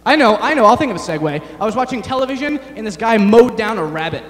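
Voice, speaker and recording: A young man performing a rambling, self-deprecating stand-up set, halting often with fillers. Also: high-pitched, lively intonation, roomy sound, in a large hall. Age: young adult. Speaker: stand-up comedian. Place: large chapel hall on stage.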